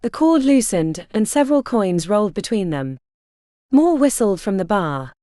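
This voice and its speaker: A woman reads a historical romance aloud, measured and deliberate. Her voice is mellow and warm in tone with a lively, wide-ranging pitch. Dry, close recording. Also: no room sound. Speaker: audiobook narrator. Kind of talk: scripted audiobook narration.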